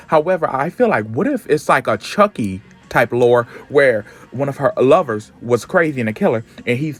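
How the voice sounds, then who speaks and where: A man retelling a comic story in casual, slangy, animated chat. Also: medium pitch. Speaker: comic recap host.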